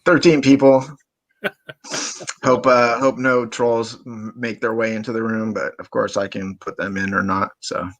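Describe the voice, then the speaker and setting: A man's voice: mid-range voice, steady tone, a little slow, a bit bright. Chill guy hosting a call, lots of uhs, easygoing, medium voice. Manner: laid-back, frequent "uh" fillers. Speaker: podcast host. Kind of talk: casual chat.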